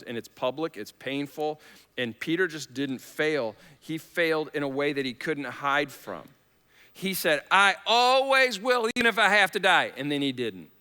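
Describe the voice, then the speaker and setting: A man delivers a conversational sermon and slips into acted-out quotations that build to near shouts. His voice is bright and forward. It rings with the long reverb of a large church hall. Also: medium pitch. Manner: conversational preaching, acts out Bible quotes with rising intensity. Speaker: pastor.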